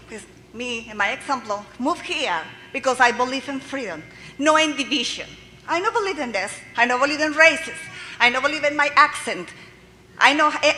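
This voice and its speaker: Impassioned Colombian woman, high bright voice. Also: a little hiss or hum. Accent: Colombian Spanish. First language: Spanish. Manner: impassioned, broken English. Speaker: public commenter. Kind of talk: public testimony at a hearing. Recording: reverberant hearing room.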